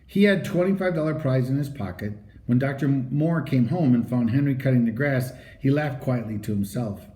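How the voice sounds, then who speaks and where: A man reading a children's chapter book aloud as storybook narration, in an animated, expressive read-aloud manner. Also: mid-range voice, moderate pace, hardly any pauses. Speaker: audiobook reader. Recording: roomy echo.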